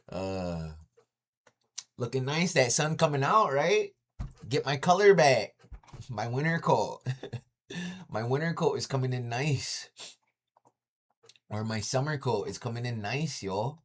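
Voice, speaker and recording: A man's voice: mid-range voice, takes it slowly, pauses often. A man talking on a casual live stream from home, into a phone or webcam mic. He swears freely and ends his sentences with "yo." He acts out his stories and sometimes makes the sounds himself. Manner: profane, keeps saying "yo"; animated storytelling with sound effects. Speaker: livestreamer.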